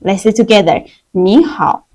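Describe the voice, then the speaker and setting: A woman teaching a live-streamed language lesson, drilling words slowly for learners to repeat, in simple non-native English. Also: mid-range voice, a little mellow, slightly rough, poor audio. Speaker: Chinese teacher.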